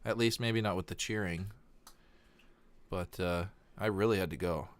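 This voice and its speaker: A man's voice: deep voice, normal speed, a little hiss or hum. A man chatting casually on a stream, laughing easily and adding joking asides. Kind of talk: casual chat.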